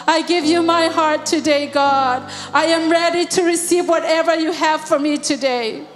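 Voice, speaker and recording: Prayer leader, woman, high voice, fervent and repetitive, long hall reverb. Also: fairly even intonation, normal speed. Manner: repeats God after each phrase, swells into singing. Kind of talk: fervent spoken prayer in a church service. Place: church hall. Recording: long hall reverb with soft music behind.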